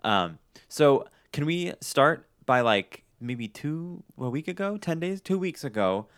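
A man's voice: a little high, animated, slow pace, fairly bright tone, clear, resonant tone. A man co-hosting a podcast in a casual, jokey, self-deprecating chat, talking with a slight lisp after a tooth removal. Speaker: podcast co-host.

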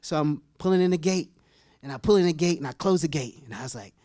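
A man preaching a humorous storytelling sermon as pastor, acting out scenes with sudden high squeals and laughter. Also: quick pace, dry recording, clean studio sound. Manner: animated, acts out voices with sudden high-pitched squeals and laughs.

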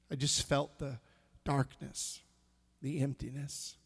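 A middle-aged male pastor telling a story in a sermon, emotional and halting, with sighs and passages that drop almost to a whisper. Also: medium pitch, little pitch movement, creaky. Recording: long hall reverb.

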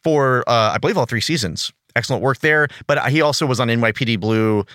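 A man's voice: medium pitch, fairly quick, fairly bright tone, dry recording, studio quality. A man co-hosting a casual podcast, enthusiastic and giggly as he talks through trivia. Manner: enthusiastic, giggly nerdy banter. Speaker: podcast co-host.

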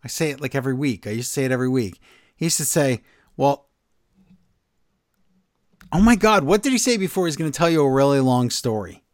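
A man co-hosting a wrestling podcast, talking in a casual, exasperated, animated way with quick asides. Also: medium pitch, no echo, studio quality. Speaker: podcast co-host.

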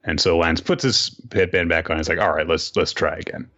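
A man with a fairly low but bright, forceful voice chats loosely through a story recap, hopping into quick quoted voices for the characters. The sound is dull and lo-fi, like a modest home podcast setup. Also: steady tone. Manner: rambling, quoting characters in quick shifts of voice. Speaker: podcast host recapping an anime episode. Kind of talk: casual chat.

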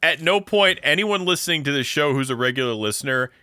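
Bright, joking podcast co-host man. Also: on the high side, lively intonation, clear, resonant tone, no room sound, studio quality. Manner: quick joking interjections, laughing. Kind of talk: casual comedic chat.

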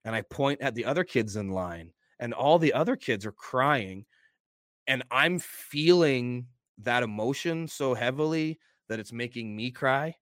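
A man's voice: mid-range voice, animated, unhurried, a bit bright, no room sound, studio quality. A middle-aged man, a wrestler guest in a casual interview, telling stories in an open, earnest way.

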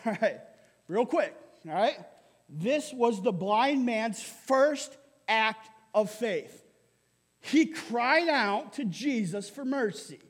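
A male pastor preaching a sermon in a lively way, often asking "right?" and laughing. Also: very high voice, unhurried, in a large hall. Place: church hall.

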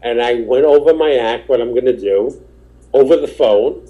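Here a warm, mid-range man's voice at normal speed comes through poor audio. He's a stand-up comedian appearing as a podcast guest, chatting casually, wandering through anecdotes and voicing the characters in them.

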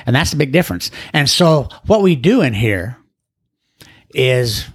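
A man's voice: medium pitch, very animated, a little slow. An older man sharing his recovery story in a folksy, rambling, plain-spoken way. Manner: acts out other people's voices in quotes. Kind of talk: storytelling talk.

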